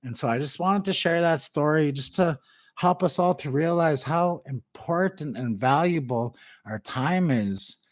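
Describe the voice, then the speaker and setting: A man vlogging, telling a story and giving motivational advice in a casual, animated way. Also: on the high side, a little slow. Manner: animated, conversational, preachy.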